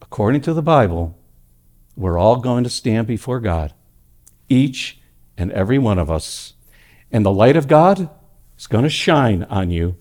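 A male pastor preaching a sermon at a church service, telling stories with animated delivery that swings between loud emphatic lines and hushed ones. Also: fairly low pitch, a little slow, pauses often.

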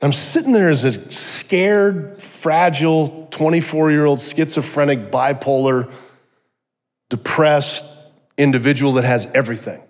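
Middle-aged guy preaching his testimony in a big hall, lots of echo, jokey and animated. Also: a little high, unhurried. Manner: animated storytelling with joking asides. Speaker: guest speaker. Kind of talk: personal testimony sermon. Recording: long hall reverb.

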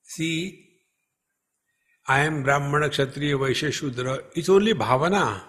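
A man giving a spiritual discourse at a retreat, speaking slowly and emphatically and chanting Sanskrit verses. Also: a little high, a bit bright, slight background noise. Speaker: spiritual teacher. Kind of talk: scriptural discourse. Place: retreat hall.

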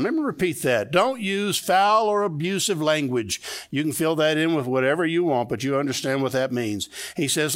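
A middle-aged man preaching a sermon to his congregation in a conversational way, often repeating key phrases and having the listeners say them back. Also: on the high side. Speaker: pastor. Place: church sanctuary.

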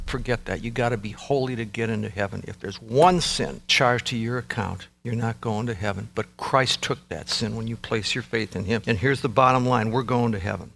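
A male pastor preaching a sermon with an emphatic, repetitive cadence, swinging from loud peaks to low intensity. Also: normal speed, gravelly, few pauses, slight background noise.

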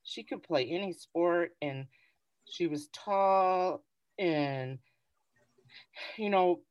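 A woman's voice: lowish voice, very slow, dry recording. A woman co-hosting a podcast who tells stories casually and animatedly, full of "like" and "you know.". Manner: animated storytelling, filler-heavy. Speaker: podcast co-host. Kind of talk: casual chat.

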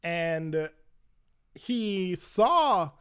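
A young man tells a story from his own life in a loose, conversational style. His voice sits a bit high for a man, and he often stops on filler words. He jumps into the voices of the people in his story as he tells it. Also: sing-song, extremely slow, a bit bright, smooth. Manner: conversational, lots of "like" fillers, acts out quoted voices. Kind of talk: casual personal storytelling.

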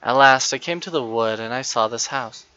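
Man doing a shy, eager little girl in a storybook, bright and pitched up, dry lo-fi sound. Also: moderate pace, smooth, dry recording, natural voice. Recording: dull, lo-fi dry recording.

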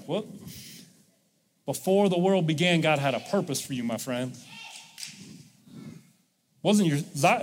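A man's voice: a little high, big-room sound, slight background noise. A male pastor preaching a sermon in a church, leading the congregation in call-and-response. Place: church sanctuary.

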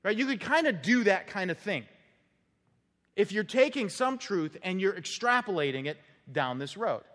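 A man preaching a sermon to his congregation, talking in a relaxed, conversational way and teasing the listeners now and then. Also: sits high, normal speed. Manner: conversational, teasing, lively emphasis. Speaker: pastor. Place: church sanctuary. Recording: church hall with long reverb.

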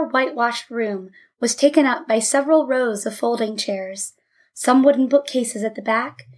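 A woman narrating a story aloud, voicing the dialogue of several characters lightly. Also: on the high side. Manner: reads all characters in dialogue with light voice changes. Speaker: audiobook narrator. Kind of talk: scripted narration.

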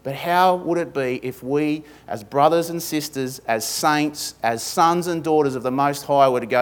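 A man's voice: on the high side, moderate pace, few pauses. A man with an Australian accent preaching a sermon in church, emphatic, stacking repeated lists and slipping in humorous asides. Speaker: pastor.

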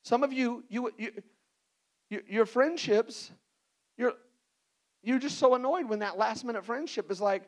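Role: pastor. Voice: man, a bit high. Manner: animated. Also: moderate pace, rough recording. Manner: animated, playful, acts out little scenes. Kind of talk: sermon.

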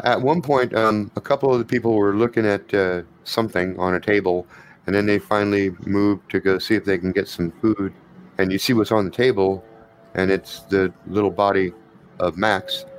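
A man narrating a tabletop game as game master, measured and hesitant with fillers. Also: fairly low pitch, fairly even intonation, low-quality recording.

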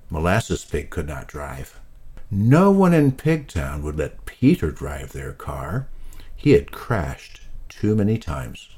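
A man reading a children's storybook aloud, slow and lively, with voices for each character. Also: extremely low pitch, breathy edge. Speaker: narrator.

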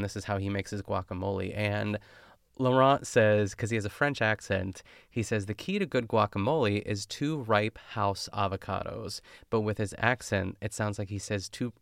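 Gravelly low-voiced man, chatty recap. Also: dry recording, studio quality. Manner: chatty and rambling, full of fillers and tangents. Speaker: podcast host recapping a cooking show. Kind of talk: casual chat.

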